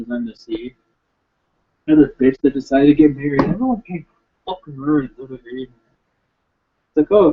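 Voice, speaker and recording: Husky young man rambling bluntly. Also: on the high side. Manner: rambling, blunt and profane, many fillers. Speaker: video host answering viewer questions. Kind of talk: casual rambling chat. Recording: lo-fi dull sound.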